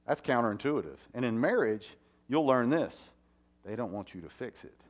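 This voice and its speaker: A fire chief speaking to a conference audience, animated and asking the room questions. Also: male voice, medium pitch, moderate pace, highs cut off. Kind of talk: conference talk. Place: conference hall.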